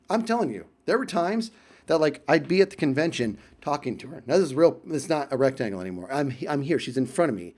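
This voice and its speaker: A man telling a story to camera in a casual vlog, chatty and animated, with frequent asides and fillers. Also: on the high side.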